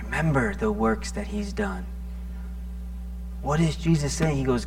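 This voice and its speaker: A man delivers a sermon in a casual, animated style, his voice sitting a little higher than most men's. He stumbles through restarts and laughs at himself as he works through the passage. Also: unhurried, gravelly, long pauses, soft background music. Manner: conversational, self-deprecating, animated with stuttering restarts. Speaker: pastor.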